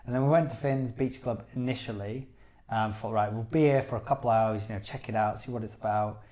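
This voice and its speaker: A man's voice: fairly low pitch, fairly even intonation, brisk, dark tone. A man co-hosting a podcast, chatting casually and enthusiastically with lots of "you know"s. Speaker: podcast co-host. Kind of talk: casual chat.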